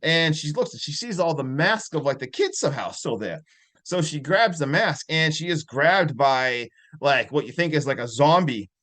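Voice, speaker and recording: A man with a slightly high voice recaps a horror film on a casual podcast. He talks in an excitable, animated way and keeps saying "like" as he walks through each scene. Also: moderate pace. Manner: excitable, animated retelling with lots of "like". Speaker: podcast co-host. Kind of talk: casual movie review chat.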